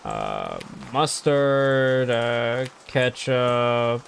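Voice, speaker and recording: A man's voice: medium pitch, animated, drawn-out words, gravelly, a little hiss or hum. A man playing a horror game on his channel, talking himself through tasks and reading the customers' lines aloud. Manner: reads customer dialogue aloud. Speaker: gaming channel host. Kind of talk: let's play commentary.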